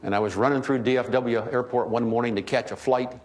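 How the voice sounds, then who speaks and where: His tone is steady and his pace brisk, with a medium pitch, as this older keynote speaker recounts folksy, humorous business anecdotes to listeners. The recording has the reverberant quality of a hall and faint ambience.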